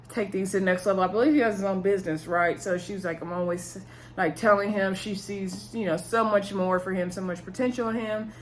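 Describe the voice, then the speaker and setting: A woman's voice: fairly low pitch, a little hiss or hum. Chatty woman recapping a show. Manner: chatty, talks to viewers as "y'all", laughs often. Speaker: reality TV recap vlogger.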